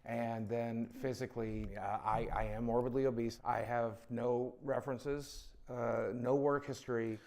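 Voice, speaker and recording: A man's voice: mid-range voice, fairly even intonation, measured pace, hardly any pauses, a little mellow. A man in a documentary interview, talking about himself in a matter-of-fact, self-deprecating way. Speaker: job-seeking interviewee.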